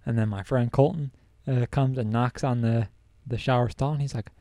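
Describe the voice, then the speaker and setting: A man's voice: mid-range voice, steady tone, moderate pace, warm tone, slight background noise. A young man hosting a podcast, telling a college story casually and laughing through it. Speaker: podcast host.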